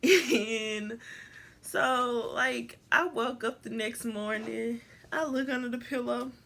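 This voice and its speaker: A teenage girl vlogger tells a casual storytime slowly in a creaky voice, with slight background noise. She rambles, restarts often, and animatedly jumps into high voices to act out quotes.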